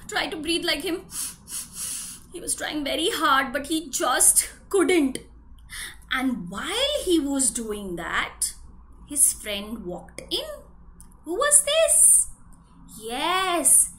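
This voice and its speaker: A woman, a preschool teacher telling a story to young children, animated and often asking them questions. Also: high voice, slight background noise.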